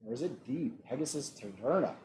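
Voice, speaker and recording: Relaxed, lively-voiced male trivia host. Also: mid-range voice, brisk, slight background noise. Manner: reads multiple-choice options evenly, adds relaxed joking asides. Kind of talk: hosting an online trivia game.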